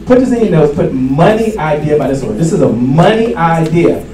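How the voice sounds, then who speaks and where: A man giving a live sales seminar to an audience, energetic and repeating his key lines for emphasis. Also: fairly high pitch, normal speed. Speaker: sales trainer. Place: event room with an audience. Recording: echoey room from far off, faint hiss.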